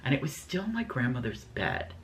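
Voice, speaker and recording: Casual storytime vlogger, male, middle pitch, rambling and scatterbrained, faint hiss. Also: very animated, moderate pace. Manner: scatterbrained, rambling, many fillers.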